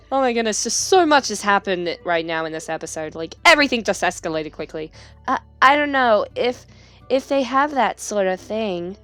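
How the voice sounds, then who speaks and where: A woman hosting a casual gameplay commentary, chatty and excitable in her reactions. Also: mid-range voice, normal speed, soft background music. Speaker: gaming channel host.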